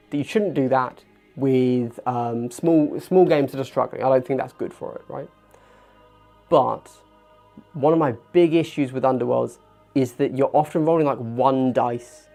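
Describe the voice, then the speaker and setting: A man in his thirties hosting a casual hobby livestream, chatty and animated, getting worked up and poking fun at himself. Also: medium pitch. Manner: chatty, animated, gets worked up and self-deprecating. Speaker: livestream host. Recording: faint background music.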